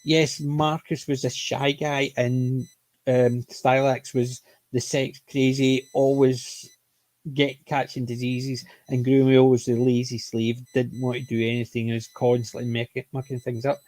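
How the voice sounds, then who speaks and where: A man with a mild Scottish accent chats casually as he reviews a show, wandering off and stopping to correct himself. His pitch sits mid-range for a man. The sound is dry and close, with no room echo. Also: flat delivery, measured pace, darkish tone. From Scotland. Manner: rambling, frequent self-corrections and apologetic restarts. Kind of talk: casual chat.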